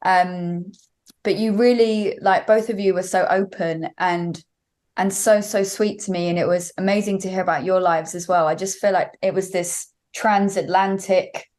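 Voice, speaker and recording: A woman's voice: lowish voice, steady tone, moderate pace, a little mellow. Chatty rambling young woman. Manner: rambling storyteller, many fillers and likes. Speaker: guest singer. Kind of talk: casual interview chat.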